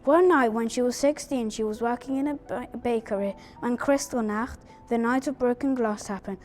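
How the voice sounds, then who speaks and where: A woman's voice: on the high side, moderate pace, a little mellow. A woman reading a prepared family account aloud at a memorial event, careful with small stumbles.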